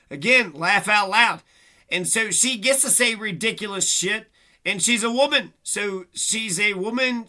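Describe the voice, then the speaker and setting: Vlogger, male, high tense voice; rambling profane rant, aggrieved delivery. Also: sharp tone. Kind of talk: casual ranting monologue.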